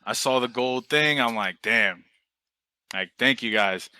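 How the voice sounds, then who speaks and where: Guest spot: young New man, bright voice, dry close sound, loose storyteller who swears casually. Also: medium pitch, a little slow, clear, resonant tone, no echo, rough recording. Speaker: podcast guest, team coach.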